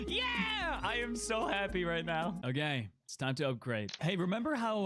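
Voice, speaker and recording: A man giving excitable gameplay commentary, exclaiming and laughing often. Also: high voice, moderate pace, few pauses. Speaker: gaming video creator. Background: background music.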